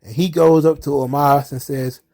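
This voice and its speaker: A man hosting a casual solo wrestling commentary, talking in an animated way and mocking wrestlers with quick impressions. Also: fairly high pitch, vocal fry.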